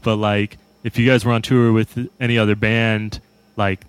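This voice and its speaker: A man's voice: fairly low pitch, fairly even intonation, moderate pace, clean tone, dry recording. A man who plays in a band talks in a laid-back, profane, self-mocking way during a casual chat. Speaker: band member.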